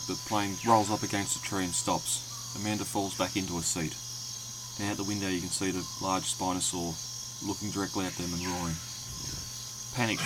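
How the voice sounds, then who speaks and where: A man reading a scripted scene recap in a steady, measured way. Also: sits low, very noisy. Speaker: podcast co-host. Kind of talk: scripted narration. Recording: loud crickets and insects behind.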